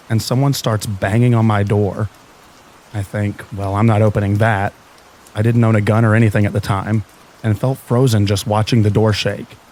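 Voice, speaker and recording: Low calm guy reading creepy stories for sleep, faint rain noise behind. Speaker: narrator. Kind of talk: scripted narration of scary stories for sleep.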